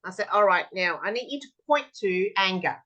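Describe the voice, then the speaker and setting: A woman's voice: mid-range voice, lively intonation, fairly quick, bright, forceful tone, dull audio. A woman tapping practitioner, a podcast guest, telling stories animatedly and acting out children's replies in conversation. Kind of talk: conversational explanation.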